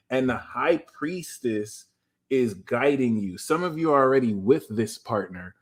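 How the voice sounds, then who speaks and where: A man giving a casual, animated tarot reading, talking straight to his viewers with slangy asides. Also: medium pitch. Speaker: tarot reader.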